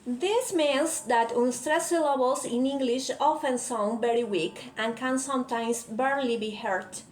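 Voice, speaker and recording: High-voiced woman reading a lesson. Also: unhurried. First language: Spanish. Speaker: student presenter. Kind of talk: reading a prepared explanation. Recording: echoey room, faint ambient noise.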